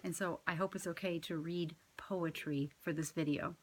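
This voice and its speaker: With a lowish, steady voice, a woman from parish ministry offers a reflective spiritual talk. She speaks earnestly and at a measured pace, adding gentle emphasis.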